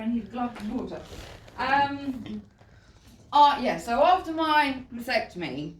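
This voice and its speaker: A woman tells her own story, chatty and quick to laugh. Her voice sits a little high and moves around a lot. She is heard from some distance in a roomy hall with a faint hum behind her. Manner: chatty, laughing often, says "you know" a lot. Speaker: speaker giving a talk. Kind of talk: personal story told to an audience. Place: event hall.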